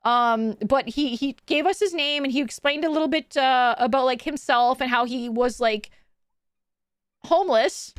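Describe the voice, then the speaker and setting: High-voiced woman rambling through a story. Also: normal speed, no echo, clean studio sound. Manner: rambling storytelling with many fillers. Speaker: streamer. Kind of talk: casual chat.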